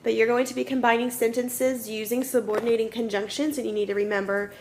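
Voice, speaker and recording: A woman's voice: on the high side, little pitch movement, fast, background noise. A woman teaching a children's grammar lesson, patiently explaining step by step and often checking in with "okay?". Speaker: elementary school teacher.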